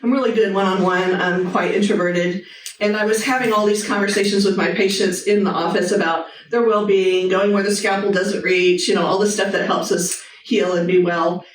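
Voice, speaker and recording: Speaking off-mic in an echoey hospital hall, a female surgeon offers a live audience a heartfelt, personal motivational talk and a brief guided meditation. Her medium-pitched voice stays fairly even at a moderate pace, with a little hiss or hum in the background.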